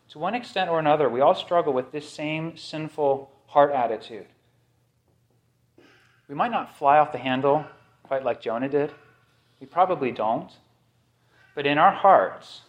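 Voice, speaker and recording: A man preaching a sermon as pastor, emphatic and fond of repeating key phrases for effect. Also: fairly high pitch.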